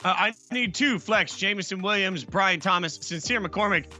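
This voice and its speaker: A man's voice: sits high, moderate pace, sharp tone, soft background music. A man hosting a fantasy football show in a playful, joking way. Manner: jokey, playful. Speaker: host.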